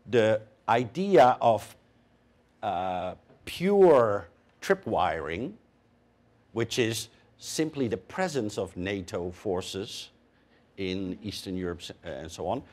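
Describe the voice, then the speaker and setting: A man speaking as a panelist, measured and emphatic, pausing with fillers. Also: medium pitch. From Canada. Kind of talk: panel discussion.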